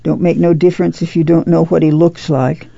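A woman voicing a frail, dying young woman with a low, soft voice. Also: level tone, brisk, vocal fry, husky, dry recording, muffled recording, full character voice. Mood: tender.

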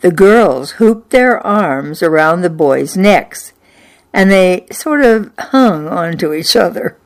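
An older woman tells a story from her own childhood, her voice sitting a little low. She takes her time over every sentence, with a dry, wistful humor. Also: expressive, slow pace. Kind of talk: personal memoir storytelling.

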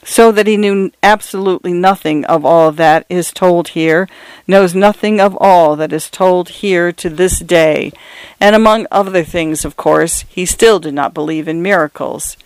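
Smooth high-voiced male storyteller. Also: dry recording. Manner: measured, dramatic, with asides to the listener. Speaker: narrator. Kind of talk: scripted story narration.

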